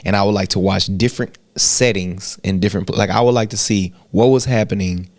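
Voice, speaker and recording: A man co-hosting a podcast in casual chat, a rambling, animated storyteller who swears freely. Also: on the low side, a little fast, no echo, studio quality. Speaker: podcast co-host.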